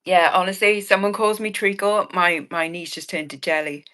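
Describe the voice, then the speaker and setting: A woman's voice: on the low side, normal speed, pushed and bright. A woman running a live online jewellery auction, chatting in a bubbly, rambling way, with cheeky asides and frequent laughs. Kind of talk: chatty live-stream selling.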